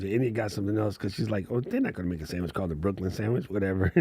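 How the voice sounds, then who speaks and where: A man's voice: on the low side, creaky, a little mellow, dry recording. A man hosting a casual livestream chat as a content creator, laid-back and slangy, laughing often.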